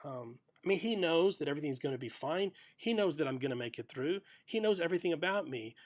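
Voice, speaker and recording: A middle-aged man giving a short, reflective sermon for a video podcast, telling a story gently with pauses. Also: on the high side, lively intonation. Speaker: pastor.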